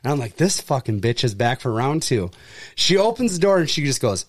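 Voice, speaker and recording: A man telling a story in casual chat, acting out the people in it with jumps in voice and plenty of swearing. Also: a little fast. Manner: animated, acts out quoted people with pitch jumps, swears freely. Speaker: furniture delivery and service worker.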